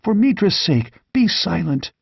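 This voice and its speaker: A man voicing a nervous, fearful wealthy merchant who speaks in anxious, hushed pleading tones, in an audiobook reading. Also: mid-range voice, expressive, moderate pace, husky, no room sound. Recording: dull, dry lo-fi audiobook recording.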